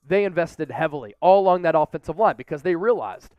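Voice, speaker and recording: A man hosting a live sports news show, delivering energetic commentary with salesy hype. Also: fairly high pitch, moderate pace, hardly any pauses, no room sound.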